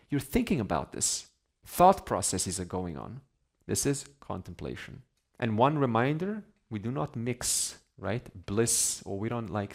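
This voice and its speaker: Gravelly low-voiced male scripture teacher. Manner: conversational, asks the class questions, laughs while joking. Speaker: Vedanta teacher.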